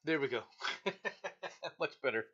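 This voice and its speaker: A man's voice: a little high, lively intonation, slow, pushed and bright, slightly rough, dull audio. A man hosting a livestream, reading the news aloud with chatty asides and frequent stumbles and restarts. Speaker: livestream host. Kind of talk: reading news with loose commentary.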